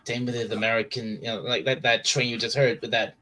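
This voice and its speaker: Man, mid-pitched, halting chat with lots of restarts. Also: level tone, bright, forceful tone, rough recording. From Britain. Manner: halting, repeats words and restarts often. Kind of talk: casual chat.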